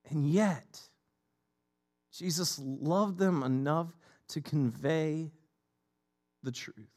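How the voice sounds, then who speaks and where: A man's voice: a little high, very slow, a little mellow. A middle-aged man preaching a sermon as a pastor, emphatic and repetitive in his delivery.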